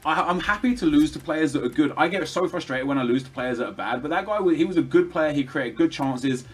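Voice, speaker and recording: Young guy talking fast over gameplay footage, chatty and rambly, lots of ums, faint hiss behind. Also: fairly high pitch, lively intonation. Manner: rambling, chatty, frequent fillers and restarts. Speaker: gaming commentator. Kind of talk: casual gameplay commentary.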